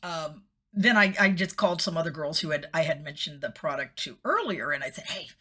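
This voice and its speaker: A woman's voice: deep voice, expressive, brisk, bright, forceful tone, slightly rough. A middle-aged woman, a former TV host, chatting casually in a personal vlog, laughing often and slipping into whispery voices when quoting.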